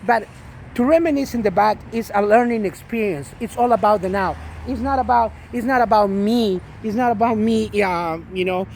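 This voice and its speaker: A man's voice: high voice, moderate pace, darkish tone, a little hiss or hum. A man and father telling a rambling spiritual story about his daughter, with many restarts and repeated endearments. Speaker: vlogger and father.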